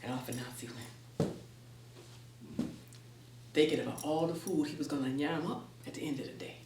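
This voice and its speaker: A woman's voice: deep voice, normal speed, noisy background. Lady telling folktales at the library, playful, mic kinda far, echoey room. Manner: playful and expressive, laughs through the telling. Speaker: storyteller and educator. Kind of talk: folktale storytelling to a live audience. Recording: roomy, distant mic, faint background.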